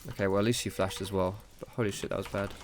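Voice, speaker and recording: A man's voice: sits low, little pitch movement, rapid-fire, background noise. A young man commentating his own gameplay live, self-critical and rambling, with casual slang and swearing. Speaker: gaming streamer.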